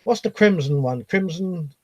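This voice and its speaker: Middle-aged male streamer, loose rambling chat with casual swearing, fairly high voice. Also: animated, normal speed, warm tone, husky. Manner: rambling, swears casually, reads comments aloud.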